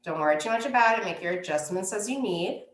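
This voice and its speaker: A woman teaching a yoga class, giving calm, unhurried cues for poses and breathing. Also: mid-range voice, echoey room. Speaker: yoga instructor. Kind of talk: guided yoga class instruction.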